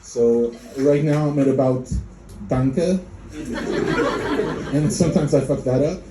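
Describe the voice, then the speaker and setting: A man from Poland in his thirties performing a stand-up comedy set at a club, deadpan and dark, slipping into mocking voices. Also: on the high side, normal speed, very noisy. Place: comedy club before a live audience. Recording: echoey room with crowd laughter.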